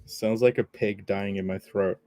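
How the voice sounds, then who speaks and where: A man's voice: on the low side, fairly even intonation, unhurried, darkish tone, dry recording. A young man hosting a casual livestream, reading chat messages aloud and laughing often. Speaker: livestream host.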